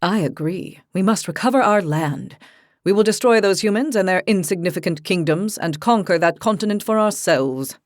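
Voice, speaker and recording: A woman's voice: medium pitch, lively intonation, moderate pace, no room sound, studio quality, natural voice. A woman voicing proud male dragon kings in a haughty, assured manner. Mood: fierce.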